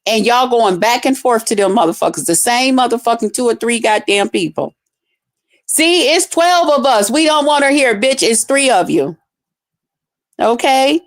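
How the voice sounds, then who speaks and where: A woman hosting a livestream, ranting bluntly and profanely at her chat in a casual, fired-up way. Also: fairly high pitch. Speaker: livestream host.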